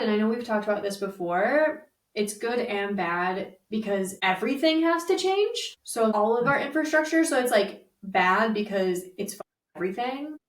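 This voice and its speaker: A young woman co-hosting a podcast in a lively, chatty way, full of casual fillers. She sits a little back from the mic, and the room adds a noticeable echo. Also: medium pitch. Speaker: podcast co-host. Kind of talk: casual chat. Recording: roomy, slightly distant mic.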